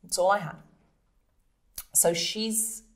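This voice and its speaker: A woman comedian and podcast host telling stories in an interview, animated and acting out scenes with voices. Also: mid-range voice, slow. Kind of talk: storytelling interview.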